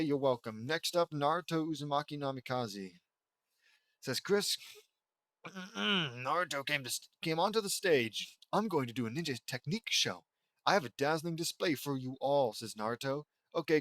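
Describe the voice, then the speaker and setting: Guy reading cringey fanfic out loud, snarky asides, kinda high voice, dry close mic. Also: no room sound. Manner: sarcastic, mocking asides. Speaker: host reading fan fiction aloud. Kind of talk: comedic dramatic reading with commentary.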